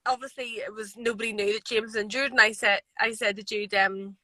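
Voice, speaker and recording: A woman MMA fighter being interviewed, telling stories in a chatty, animated way with lots of fillers. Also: mid-range voice, fairly quick, low-quality recording. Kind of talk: casual interview chat. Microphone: live video stream.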